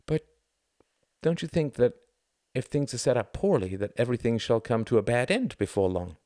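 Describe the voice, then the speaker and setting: A man reading a novel aloud and voicing an anxious, self-conscious middle-aged wife with a raised pitch. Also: big pitch swings, moderate pace, a little mellow, no echo, studio quality, natural voice. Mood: uneasy.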